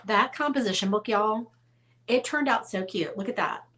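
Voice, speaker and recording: A woman's voice: mid-range voice, moderate pace, a bit bright. A woman hosting a casual painting tutorial, chatty and self-teasing as she talks straight to her viewers while she works at a crafting table.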